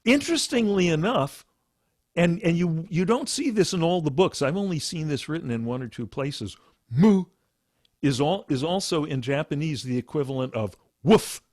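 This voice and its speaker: A man, a meditation teacher, telling Zen stories in a casual, animated way with laughs and asides. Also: fairly high pitch, normal speed, no echo, studio quality. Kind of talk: casual spiritual talk.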